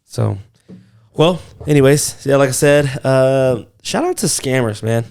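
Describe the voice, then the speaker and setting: Gravelly man telling stories casually. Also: medium pitch, animated, a little slow, darkish tone. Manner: loose, profane storytelling. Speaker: podcast co-host. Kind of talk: casual chat.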